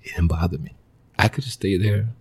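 Gravelly low-voiced man. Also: a little mellow. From Mali. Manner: earnest, halting, with many restarts and short fragments. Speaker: interview guest, former pro soccer player. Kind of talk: personal storytelling in a conversational interview.

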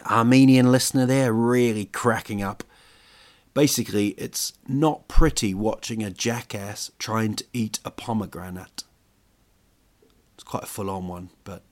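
Chatty, rambling low-voiced man. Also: measured pace. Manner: chatty, jokey, rambling with fillers. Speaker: podcast host. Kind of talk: casual monologue.

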